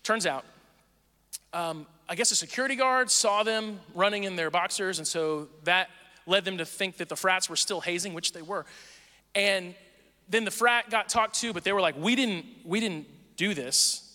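A man in his forties telling a personal story in a casual, animated way, acting out the people in it. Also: high-pitched, moderate pace. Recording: long hall reverb.

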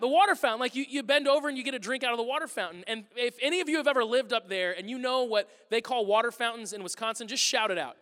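A pastor preaching a sermon, telling stories with lively acted-out exchanges and loud bursts. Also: male voice, extremely high pitch, fast. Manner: animated storytelling, acting out exchanges with loud bursts. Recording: long reverb of a large hall.

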